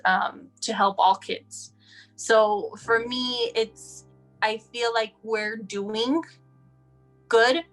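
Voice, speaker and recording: Woman, texas-raised mother, rambling chat, plenty of fillers, middle pitch, soft guitar music behind. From El Paso, Texas. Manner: rambling, chatty, many fillers. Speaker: guest, mother of a sick child. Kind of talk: casual interview.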